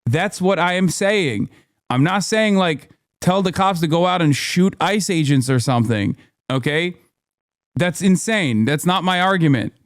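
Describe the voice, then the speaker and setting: A man's voice: sits high, a little slow, no echo, studio quality. Heated, ranting man streamer. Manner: heated, profane, animated ranting. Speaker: streamer and political commentator. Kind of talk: live-stream reaction commentary.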